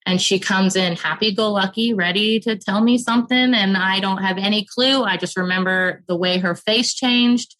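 A woman in her thirties, a podcast guest, earnestly telling a candid personal story and rushing through the emotional parts. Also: medium pitch, fairly bright tone, low-quality recording.

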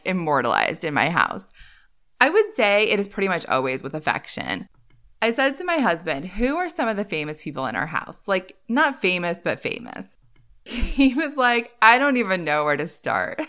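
A woman's voice: mid-range voice, huge pitch swings, moderate pace, sharp tone. A woman hosting her own podcast, telling chatty stories in a casual monologue and laughing often. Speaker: podcast host.

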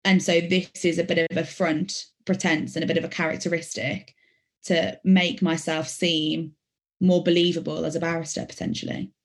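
This woman, a barrister in her late twenties from Birmingham, England, guests on a podcast and gives earnest, thoughtful answers, at times restarting to correct herself. Her faintly accented voice sits low, with a flat delivery at normal speed.

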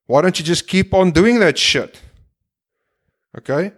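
A man's voice: high voice, expressive, a little slow. Blunt, profane man ranting. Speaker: podcast host. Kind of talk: impassioned monologue.

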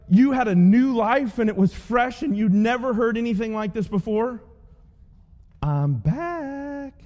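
A man preaching a sermon as pastor, telling stories with playful voices for the people in them. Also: high-pitched. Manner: animated storytelling with playful character voices. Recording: long hall reverb.

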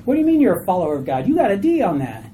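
A woman voicing a mocking male devil who whispers rapid accusations. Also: medium pitch, wildly swooping pitch, mellow, a little hiss or hum. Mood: taunting.

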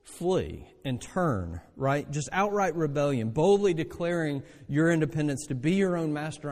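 A man preaching a sermon in a church, his fairly high voice swooping through a wide, lively range. He fires off rhetorical questions and slips into little acted voices for the people he quotes. A long reverb trails behind him in the big hall. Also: moderate pace, few pauses. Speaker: pastor.

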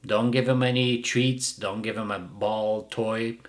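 A man's voice: fairly low pitch, steady tone, a little slow. A middle-aged man who hosts a dog-training show and delivers a blunt, mocking casual rant. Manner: blunt, mocking, bursts of laughter.

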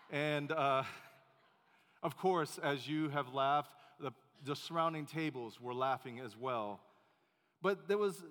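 A man preaching as a pastor, telling a story in a relaxed, chatty way with many fillers and restarts. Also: a little high. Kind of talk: sermon storytelling. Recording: long hall reverb.

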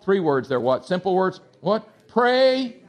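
Male pastor, sermon, slight Texas twang, high-pitched, emphatic, loud exhortations and quiet asides. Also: animated, moderate pace. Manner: emphatic, swings between loud exhortation and soft asides to the congregation.

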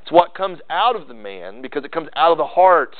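A man's voice: on the high side, big pitch swings, brisk. A male pastor preaching an earnest sermon, often restarting and repeating words. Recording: tinny phone-like sermon recording.

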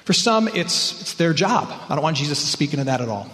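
A man preaching a sermon as pastor, earnest and emphatic, sometimes rising in pitch and sometimes dropping to a hush. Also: animated, fairly quick. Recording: church hall reverb.

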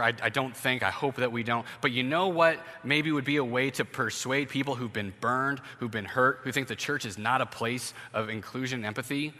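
A man's voice: medium pitch, pushed and bright. A man preaching a conversational sermon as pastor, acting out everyday scenes as he goes. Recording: long hall reverb.

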